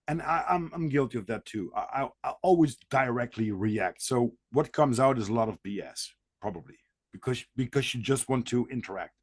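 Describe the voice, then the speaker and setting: A podcast host with as a talks through his ideas in a relaxed, conversational way. His voice sits mid-range, and it is recorded dry and close. He breaks into playful sound effects to act out his points. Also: mid-range voice, breathy edge, dry recording. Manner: animated, acts out little scenes with mimicked sounds. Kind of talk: casual conversation.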